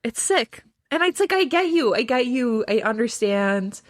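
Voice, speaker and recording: A woman co-hosts a podcast in casual chat, her pitch leaping up and down. She is emphatic and quick to agree, acting out the characters' lines in quotes. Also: big pitch swings. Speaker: podcast co-host. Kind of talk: casual chat recapping a TV episode.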